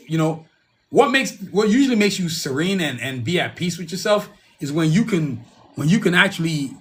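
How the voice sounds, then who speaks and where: Male podcast host, bright and fairly high voice, loose rambling solo talk. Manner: rambling, repeats himself, calls the audience "y'all".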